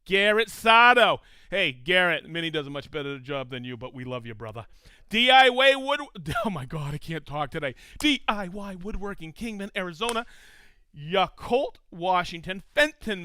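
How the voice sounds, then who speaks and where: A man hosts a live stream with a bright, clear voice that sits high and swings widely in pitch. He sounds enthusiastic as he greets viewers by name and hometown. The sound is close and dry. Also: very animated, moderate pace, dry recording. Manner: enthusiastic, reads out viewer locations. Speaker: host of a live tool show. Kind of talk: casual live-stream chat.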